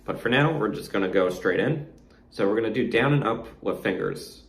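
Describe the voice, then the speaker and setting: A man giving an online guitar lesson, counting beats aloud slowly and demonstrating strums as he explains. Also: fairly low pitch, expressive, recorded from a distance. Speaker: guitar instructor. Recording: echoey room with faint noise.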